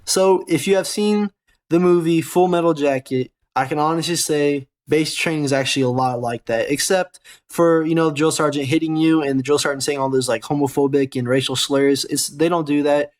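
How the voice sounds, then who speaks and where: Young American male host, casual profane storyteller, slightly higher voice. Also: steady tone, a little fast. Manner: rambling, profane, self-correcting. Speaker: gaming channel host and soldier.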